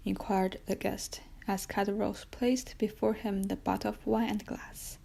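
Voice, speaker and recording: A woman narrating a classic novel in an audiobook, steady and unhurried, with occasional slips. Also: mid-range voice, creaky.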